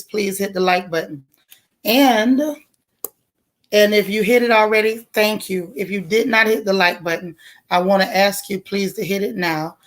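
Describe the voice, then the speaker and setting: A middle-aged woman hosts a casual live chat. Her delivery is folksy and effusive as she thanks viewers and calls out their names one by one. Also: medium pitch. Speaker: YouTube channel host.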